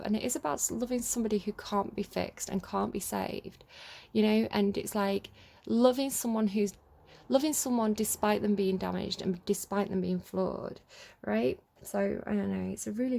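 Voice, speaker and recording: A young woman talks through a tarot reading in a loose, rambling way, often stopping to correct herself as she reads card text aloud. Her voice has a gravelly fry to it and a warm, mellow tone. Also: mid-range voice, normal speed. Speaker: tarot reader.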